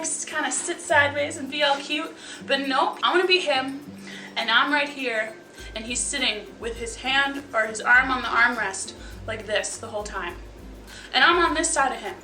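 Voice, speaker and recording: A woman's voice: on the high side, bright, forceful tone. A young woman casually telling stories to the camera, chatty and wry, with sarcastic asides and lots of likes. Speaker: vlogger. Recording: echoey room, mic at a distance.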